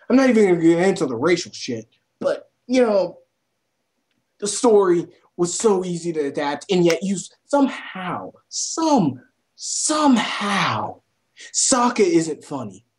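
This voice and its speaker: A young woman ranting about a film, exasperated and swearing constantly, her voice climbing to near shouts. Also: on the low side, expressive, unhurried, long pauses. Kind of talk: profane rant.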